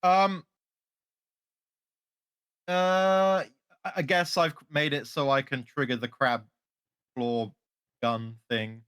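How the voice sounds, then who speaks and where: A man's voice: a little high, steady tone, slow pace, long pauses, fairly bright tone, smooth, dry recording, studio quality. A man playing a tabletop game, talking casually and hesitantly as he thinks aloud. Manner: hesitant, full of ums and restarts. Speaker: player. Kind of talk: casual tabletop role-play chat.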